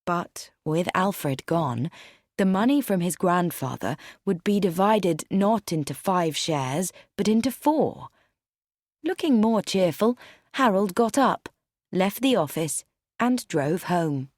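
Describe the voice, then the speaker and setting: A woman narrating an audiobook with expressive, varied storytelling. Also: on the low side, slow pace, dry recording, clean studio sound.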